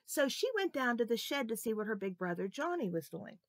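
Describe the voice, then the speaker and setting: A woman telling a Bible story to children, expressive and asking her listeners questions. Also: a little high, a little fast, dry recording, studio quality.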